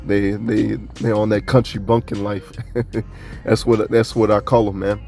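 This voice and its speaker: A man's voice: lowish voice, flat delivery, unhurried, gravelly, darkish tone, soft background music. A man from Kentucky giving a loose, conversational sermon with laughing asides. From Kentucky, USA. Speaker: preacher. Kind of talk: casual street-style sermon.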